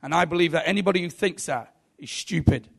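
A man's voice: on the high side, quick pace, vocal fry, husky, full character voice. A man preaching a sermon voices a young atheist heckler who mocks him on a TV show. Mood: scornful. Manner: sneering, confrontational. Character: young male atheist heckler, scornful and combative.

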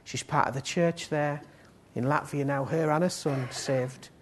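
Man preaching, higher voice, loud appeals then hushed prayer. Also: fairly even intonation, measured pace, slight background noise. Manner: rises to loud pleading appeals, then drops soft and low. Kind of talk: sermon and prayer.

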